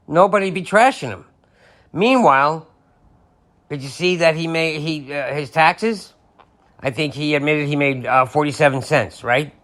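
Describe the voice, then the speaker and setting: A man's voice: fairly high pitch, a bit bright. A man hosting a podcast, delivering an angry, sarcastic political rant with some profanity. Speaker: podcast host.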